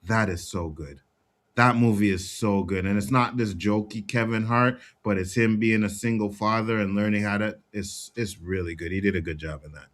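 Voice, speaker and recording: A man's voice: lowish voice, steady tone, moderate pace, fairly bright tone. A man from Canada co-hosting a livestream, easygoing and agreeable in casual chat. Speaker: livestream co-host.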